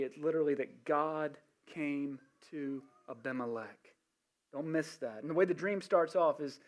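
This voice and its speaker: Man, high voice, preaching, animated storytelling, chatty asides. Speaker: pastor. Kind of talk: sermon.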